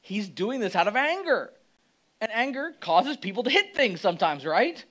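A male pastor giving a conversational, animated sermon, acting out quotes as he goes. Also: high-pitched, normal speed, rough recording.

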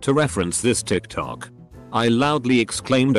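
A man's voice: medium pitch, animated, a little slow, soft background music. A man steadily reading out posts as a scripted narration.

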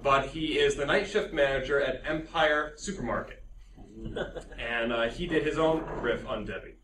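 A man's voice: mid-range voice, moderate pace. A man presenting to a convention audience, chatty and laughing along with the crowd. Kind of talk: casual talk to an audience. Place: convention hall. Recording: echoey hall, far from the mic, background noise.

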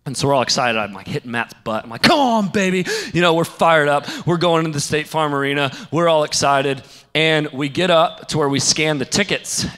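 Young guy pastor telling a story in a sermon, lively, does little voices for people. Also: on the high side, clean tone, long reverb tail. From St. Louis area. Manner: animated, acts out quoted voices.

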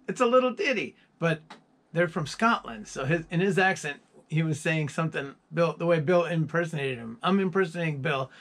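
A man's voice: fairly high pitch, a bit bright. A musician chatting casually to his viewers, rambling through stories with chuckles. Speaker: musician presenting his album.

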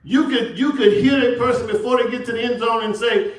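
A man's voice: very high-pitched, lively intonation, brisk. A Southern American man preaching a sermon to his congregation, asking them questions and acting out the voices of the people in his story. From Texas. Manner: call-and-response preaching, acts out quotes. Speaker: pastor. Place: church sanctuary. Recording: echoey church from a distance.

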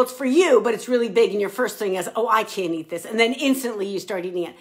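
A woman's voice: on the high side, fairly bright tone. A woman author chatting enthusiastically to camera about the food in her novel and showing cookbooks as she talks.

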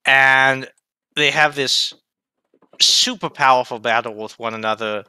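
A man's voice: medium pitch, a little slow, sharp tone, clear, resonant tone, dry recording. A man in a casual anime discussion, recapping the plot in long, rambling runs.

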